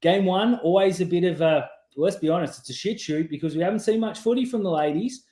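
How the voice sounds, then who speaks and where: A man's voice: sits high, fairly quick, mellow, reverberant. An Australian man hosting a rugby league podcast, ranting with strong opinions in casual chat. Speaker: podcast host.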